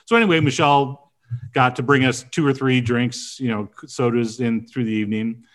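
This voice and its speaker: A man's voice: mid-range voice, steady tone, moderate pace, fairly bright tone. A middle-aged man, a chef co-hosting a podcast, telling a long anecdote in casual chat with lots of fillers and restarts.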